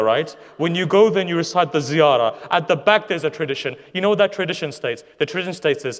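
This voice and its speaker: Impassioned male preacher in a hall. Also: on the high side. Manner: impassioned, rhetorical questions to the audience. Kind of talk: sermon storytelling. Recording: long hall reverb.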